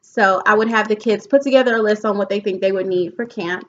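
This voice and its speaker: Young woman doing a class book report, earnest and a bit halting, muffled lo-fi audio with light background noise. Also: mid-range voice, fairly bright tone. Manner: earnest, halting, mixes reading with commentary. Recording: dull lo-fi home recording with faint noise.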